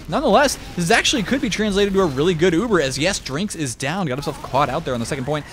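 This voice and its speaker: A young man casting a competitive online game solo, chatty and jokey, talking to the viewer and jumping up in pitch on big plays. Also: lively intonation, quick pace, a bit bright. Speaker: shoutcaster. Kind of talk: esports play-by-play commentary.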